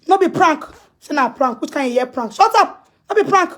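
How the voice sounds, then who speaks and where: Very high-pitched scolding Nigerian woman. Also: animated, fairly quick. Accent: Nigerian Pidgin English. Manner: scolding, repetitive, emphatic, breaks into shouts. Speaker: social media personality. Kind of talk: ranting live-stream commentary.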